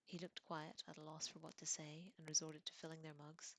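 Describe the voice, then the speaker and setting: A woman reading a novel aloud in a soft, hushed whisper, as whispered role-play. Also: sits low, flat delivery, brisk, no echo. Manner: gentle, hushed storytelling. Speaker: audiobook reader.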